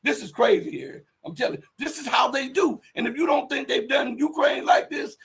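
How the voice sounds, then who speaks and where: A man hosting a livestream, giving casual political commentary in a rambling, emphatic way, breaking into loud outbursts and muttering while he searches online. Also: extremely high pitch, big pitch swings, brisk, vocal fry, poor audio. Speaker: livestream host.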